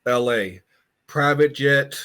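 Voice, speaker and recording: A man's voice: medium pitch, takes it slowly, sharp tone, smooth. A man hosting a podcast in casual chat, often repeating words and laughing. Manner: laughing, stammering, riffing. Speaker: podcast host.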